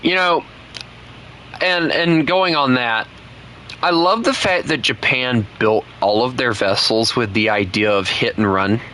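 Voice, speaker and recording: A man's voice: mid-range voice, unhurried, pushed and bright, poor audio. A man, chatting casually and joking teasingly while streaming a game. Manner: joking, playfully teasing, laughs often. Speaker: gaming streamer. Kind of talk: casual live gameplay chat.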